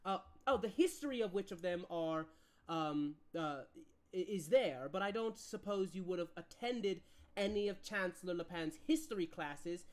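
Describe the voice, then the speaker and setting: A woman's voice: lowish voice, expressive, moderate pace, close to an everyday voice. A woman playing a stern, probing queen mother. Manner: coolly interrogating, pointed questions.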